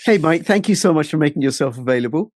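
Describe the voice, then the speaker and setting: A man's voice: on the high side, lively intonation, fast, a little mellow, no room sound. Chatty English male host, dry sound. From England. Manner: chatty, laughs easily, plain conversational delivery. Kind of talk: casual political interview.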